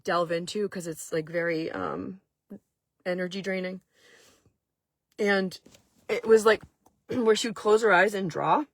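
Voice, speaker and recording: Husky-voiced woman telling a story. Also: medium pitch, a bit bright, no echo. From Maine. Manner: chatty, lots of "like" fillers. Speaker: vlog host. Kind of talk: casual storytelling.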